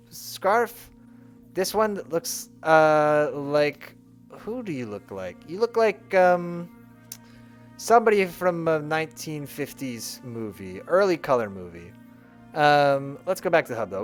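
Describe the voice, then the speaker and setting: A man's voice: on the high side, sing-song, a little slow, faint music behind. A man commenting casually on a game he is playing live, reading its dialogue aloud in playful voices. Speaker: streamer.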